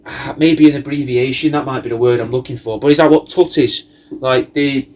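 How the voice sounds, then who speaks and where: A man's voice: mid-range voice, steady tone, a little fast, a little mellow. A man delivering a rambling, sweary comic monologue full of absurd tangents and slang, as a personalised video message.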